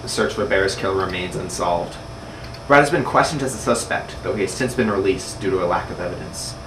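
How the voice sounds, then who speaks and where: A man narrating a mock documentary in a flat, matter-of-fact manner, recorded from a distance in an echoey room with air conditioning humming. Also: low-pitched, fairly quick, noisy background.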